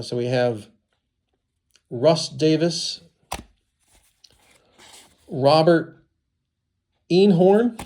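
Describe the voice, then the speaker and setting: Slow, stuffy-voiced man reading out cards. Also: on the high side, a little mellow. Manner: reads names slowly, chatty asides. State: congested from sinus trouble. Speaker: collector unboxing baseball cards. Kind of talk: casual unboxing commentary.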